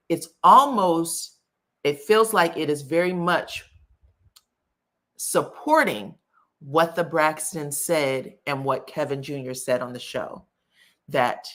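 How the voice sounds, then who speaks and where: A woman with a low voice and a bright, forceful edge hosts a casual commentary channel. She talks straight to her viewers and keeps dropping in um fillers. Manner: chatty, frequent um fillers, addresses viewers directly. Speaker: host of a celebrity gossip channel.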